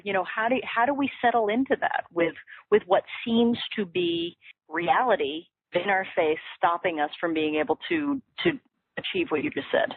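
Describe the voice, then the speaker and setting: A woman's voice: medium pitch, animated, moderate pace, gravelly, slightly rough, dry recording. A woman hosting a phone interview, responding enthusiastically and asking questions. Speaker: call host. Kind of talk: interview over a phone call. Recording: tinny phone line.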